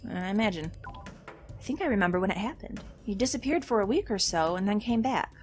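A woman's voice: medium pitch, expressive, a little mellow, soft background music, natural voice. A woman reading an earnest young nobleman. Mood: questioning. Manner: measured, questioning.

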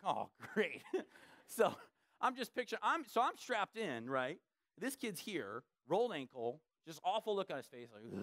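A young man preaching a sermon in a church, telling a lively story and acting out the voices of the people in it, laughing along as he goes. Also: a little high, no echo, studio quality. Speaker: pastor.

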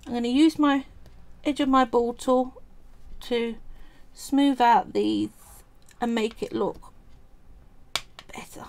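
Slow, chatty Cockney woman. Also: a little high, a little mellow. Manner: chatty, thinking aloud while working. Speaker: polymer clay crafter and streamer. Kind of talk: live craft tutorial.

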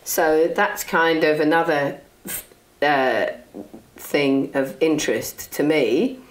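A woman folk singer introducing a song at a concert, talking hesitantly with many pauses and ums. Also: low voice, echoey room. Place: concert venue.

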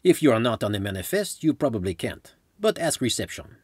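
A man's voice: mid-range voice, sing-song, brisk, breathy edge, no echo, clean studio sound. A man doing a laid-back island handyman. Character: laid-back older island worker, smoking.

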